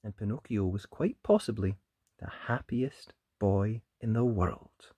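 A storyteller reading a children's picture book aloud, expressive, with whispered sound effects. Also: medium pitch, a little slow, husky, dry recording.

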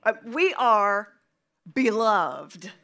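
A woman preaching a sermon with a slow, emphatic delivery and dramatic pauses, inviting the congregation to respond. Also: medium pitch, big pitch swings, bright, forceful tone.

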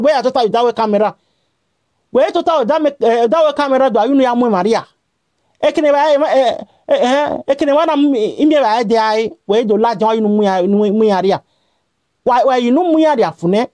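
A woman's voice: on the high side, brisk, a little mellow, no echo. A woman with a Nigerian accent giving a scolding, repetitive rant straight to her vlog audience, switching between Pidgin and a local language. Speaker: vlogger. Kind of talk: scolding direct-to-camera rant.

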